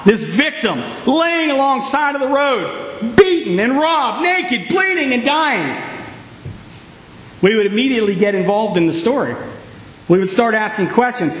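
A man preaching a sermon, telling the story with lively, acted-out reactions. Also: sits high. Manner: animated storytelling, acting out reactions. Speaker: pastor. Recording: echoey hall.

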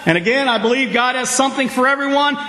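High-voiced preacher in an echoey church. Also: male voice, fast. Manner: preaching with call-and-response, sudden loud outbursts. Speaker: pastor. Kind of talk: sermon.

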